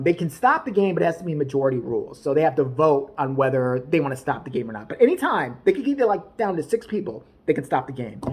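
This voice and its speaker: A woman's voice: low-pitched, a little mellow. A woman ranting in a casual, rambling way, swearing often, laughing and putting on mock outrage as she talks. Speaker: vlogger reviewing a TV show.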